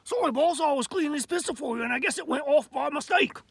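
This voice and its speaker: A man's voice: extremely high pitch, fast talker, vocal fry, fairly bright tone, no room sound, heavily acted. A man playing a dim-witted, eager male sidekick who talks in a rustic, clumsy way. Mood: apologetic.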